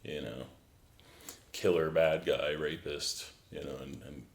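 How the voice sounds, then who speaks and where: A man who works as an actor, talking casually as a guest in a relaxed way, with many filler phrases. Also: very deep voice, measured pace, vocal fry. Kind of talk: casual interview chat.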